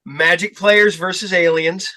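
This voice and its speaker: A man who owns a game shop, chatting as a podcast guest and telling stories in an animated way, swearing freely. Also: sits high, a little slow. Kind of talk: casual podcast chat.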